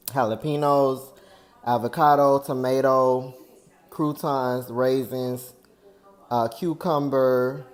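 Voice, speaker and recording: A man's voice: mid-range voice, darkish tone. A man, talking earnestly and at length to his viewers in a personal vlog, venting about a friend. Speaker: vlogger.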